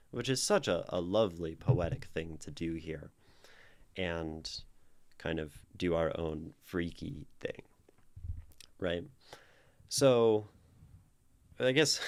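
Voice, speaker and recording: A man hosting a poetry channel, talking viewers through a poem. He thinks aloud and keeps checking in with "right?". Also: deep voice. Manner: thoughtful, often checks in with "right?".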